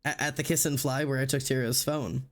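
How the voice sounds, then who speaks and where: A man's voice: medium pitch, fairly even intonation, fairly quick. A male streamer telling a story in casual chat, rambling with lots of fillers and acting out what people said. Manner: rambling, filler-heavy, acts out quotes.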